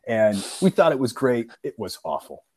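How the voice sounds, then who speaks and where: A man's voice: medium pitch, normal speed, breathy edge. A young man in casual chat, telling an old school prank story with laughter, acted-out quotes and swearing. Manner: animated storyteller, laughs often, acts out quotes, swears freely.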